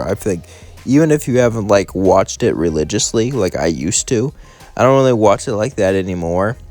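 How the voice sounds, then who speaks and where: Blunt, opinionated man with a lowish voice. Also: a little mellow. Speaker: channel host. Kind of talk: casual monologue and rant.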